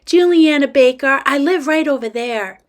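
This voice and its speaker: A woman's voice: high voice, normal speed, voice pushed up, close to an everyday voice. A woman voicing a pushy, cheerful seven-year-old girl who talks eagerly and insistently.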